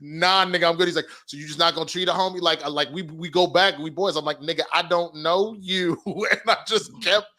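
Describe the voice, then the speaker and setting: A man's voice: a little high, fast talker, hardly any pauses. A man co-hosting a comedy podcast, telling profane stories with lots of laughter. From USA. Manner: animated, laughing, profane storytelling. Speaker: podcast co-host. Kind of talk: casual comedic chat.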